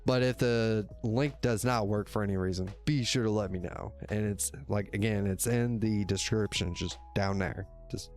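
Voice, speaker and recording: Faint music plays behind this man's lowish, darkish, steady voice as he talks at a normal speed with hardly any pauses. Hosting a solo livestream through a desk microphone, he chats casually, rambles, corrects himself, swears plenty, and laughs often.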